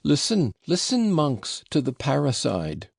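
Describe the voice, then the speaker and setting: A man voicing a shrill, blustering old male buffoon who yells and splutters breathlessly. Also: animated, measured pace, gravelly, dry recording, studio quality, full character voice. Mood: ranting.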